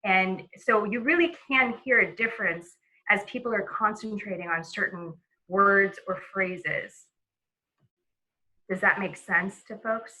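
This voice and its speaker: Bright-voiced woman teaching a webinar. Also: mid-range voice, fairly even intonation, measured pace, low-quality recording. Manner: conversational, with many fillers and restarts. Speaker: presenter. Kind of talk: webinar lesson.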